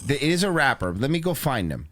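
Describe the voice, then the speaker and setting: A man hosting a podcast in loose comedic banter. His voice is lively, rising and falling widely. He jokes around and gets bossy when giving orders. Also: medium pitch, brisk. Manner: loose, joking, bossy toward the chatbot. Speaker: podcast host. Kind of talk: casual comedic chat.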